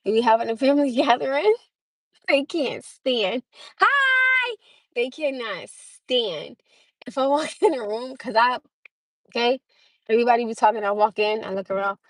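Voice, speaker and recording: A woman's voice: a little high, dry recording. Chatty woman live-streaming to viewers. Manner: chatty, laughs often, greets viewers by name. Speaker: livestream host. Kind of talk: casual livestream chat.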